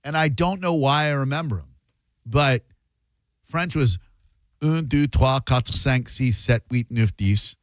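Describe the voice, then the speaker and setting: A man's voice: mid-range voice, a little slow, no echo. A man hosting a radio talk show, chatting casually with sarcastic asides. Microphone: studio microphone.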